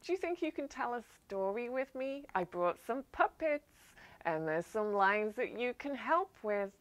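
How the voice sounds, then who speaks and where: A woman leading a library storytime for young children, gently explaining things step by step. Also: on the high side, very animated, a little slow.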